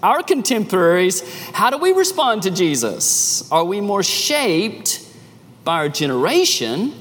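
A man preaching a sermon as a pastor, with an animated delivery that rises and drops sharply. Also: high-pitched, measured pace, big-room sound.

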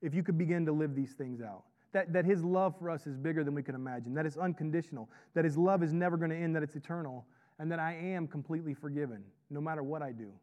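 A man's voice: on the high side, fast, a little mellow, muffled recording. A man who is a pastor and chaplain, preaching a sermon in a conversational way and often checking in with "right?". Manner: conversational, repeats "right?" to draw in the congregation.

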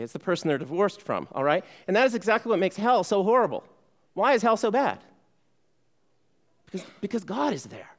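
Male pastor, somewhat higher voice, preaching casually, keeps asking questions and saying "okay". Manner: conversational, asks the congregation questions and answers them; frequent "okay" fillers and restarts. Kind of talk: sermon.

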